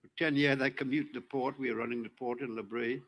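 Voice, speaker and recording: A man's voice: medium pitch, steady tone, fast talker, a bit bright, rough recording. An older man from Trinidad, giving a rambling, joking speech to an audience at a live religious event on a handheld mic. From Trinidad and Tobago. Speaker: community speaker at the event.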